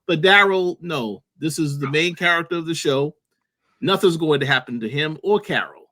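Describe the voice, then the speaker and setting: A man's voice: a little high, moderate pace, pushed and bright. A man co-hosting a casual podcast chat, giving his opinions plainly, repeating words as he goes. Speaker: podcast co-host.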